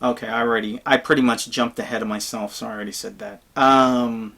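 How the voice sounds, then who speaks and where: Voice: mid-range voice, steady tone, a little fast, fairly bright tone. A tabletop role-playing gamer giving casual advice in a blunt, emphatic, rambling way.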